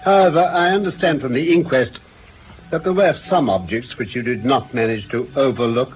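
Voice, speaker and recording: An actor playing a sharp, teasing gentleman detective in a radio drama, speaking in a crisp, theatrical manner. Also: mid-range voice, a little fast, close to an everyday voice. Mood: brisk. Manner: crisp, theatrical, lively speech. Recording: tinny phone-like radio broadcast with faint hiss.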